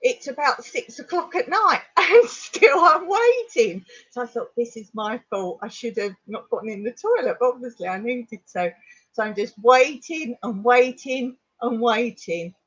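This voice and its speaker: A middle-aged woman from England, telling a long personal story on a livestream in a rambling, animated way. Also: on the high side, normal speed, slightly rough, highs cut off. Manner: rambling, animated retelling with laughs. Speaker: vlogger on a livestream.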